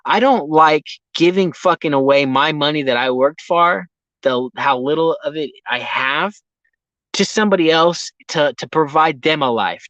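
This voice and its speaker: A man's voice: medium pitch, fairly bright tone, no room sound, muffled recording. A man vlogging casually from inside his vehicle, rambling and ranting with constant profanity. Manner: profane, heavy swearing, ranting.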